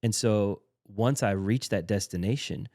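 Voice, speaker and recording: A man's voice: on the low side, measured pace, a little mellow, no room sound, studio quality. A man who leads in a church, a podcast guest explaining his ideas earnestly and step by step. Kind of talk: casual conversational interview.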